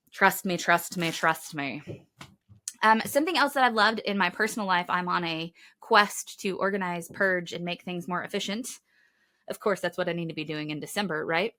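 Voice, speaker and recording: A middle-aged woman hosts a podcast from home, chatting with animated enthusiasm. Her voice sits at an ordinary pitch, and she keeps up a friendly stream of asides and little fillers. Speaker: children's ministry podcast host. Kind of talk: casual product recommendations. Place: home, in Kentucky.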